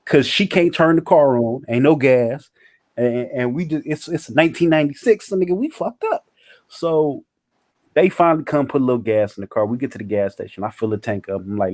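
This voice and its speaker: A man's voice: medium pitch, a little fast, dry recording. Profane man telling a story. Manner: animated, profane, acts out quotes. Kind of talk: casual storytelling.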